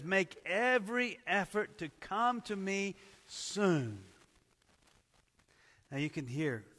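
Earnest preacher man with echoing reverb. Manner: earnest, measured, drops to soft low tones for emphasis. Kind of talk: sermon. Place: church service at a camp.

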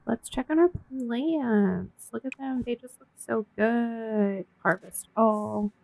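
A woman commentating casually on her own gameplay, gasping and voicing the characters in quick asides. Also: on the high side, gravelly, darkish tone, low-quality recording. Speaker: gameplay streamer. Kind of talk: casual let's-play commentary.

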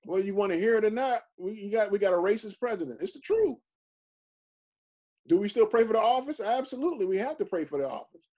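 High-voiced pastor teaching emphatically. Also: male voice, darkish tone. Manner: conversational, emphatic, frequent "you know". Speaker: pastor leading Bible study. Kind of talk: informal Bible study teaching.

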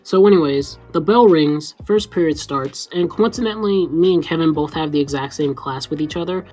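A woman's voice: low-pitched, brisk, a little mellow, faint music behind. A woman vlogger telling a casual story time, rambling and full of fillers.

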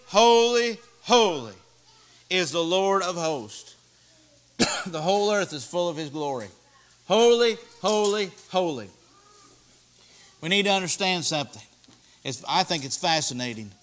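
A man's voice: high voice, pushed and bright. A man preaching a sermon in a church, earnest and repetitive, asking his listeners questions. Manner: earnest, repeats key words, asks the audience questions.

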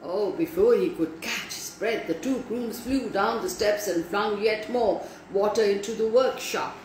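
Slow, animated woman storyteller. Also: medium pitch. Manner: animated, talks to listeners directly. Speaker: children's storyteller. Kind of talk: storytelling for children. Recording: echoey room, faint background noise.

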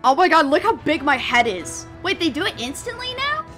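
A young woman streamer chatting excitedly over gameplay, giggling and squealing often. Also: extremely high pitch, moderate pace, faint music behind. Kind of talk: casual gameplay commentary.

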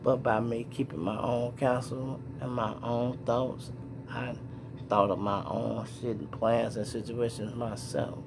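Gravelly Chicago man telling street stories. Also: medium pitch, a little slow, background noise. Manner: animated storyteller acting out sounds and voices; slang-heavy street talk, addresses viewers as y'all. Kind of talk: casual storytelling to viewers.

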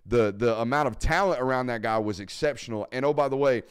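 A man's voice: medium pitch, fast, clear, resonant tone. A man hosting a live sports talk show, emphatic and blunt, repeating points for stress. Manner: blunt, casual swearing. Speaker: podcast host.

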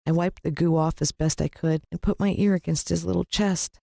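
A narrator reads a children's adventure story aloud with lots of expression, the pitch leaping up during dialogue. The delivery is brisk and gravelly, recorded with studio quality and no echo.

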